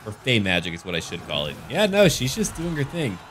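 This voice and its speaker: A man's voice: mid-range voice, huge pitch swings, a little fast, a bit bright, slight background noise. A man giving casual, jokey commentary over a strategy game battle. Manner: goofy, jokey, slips into silly voices. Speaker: gaming YouTuber.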